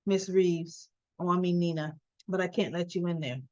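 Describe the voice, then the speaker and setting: A woman voicing a male bodyguard who apologetically refuses someone entry, speaking low and quietly. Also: steady tone, normal speed, no room sound, lightly acted. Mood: apologetic. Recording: dull dry sound.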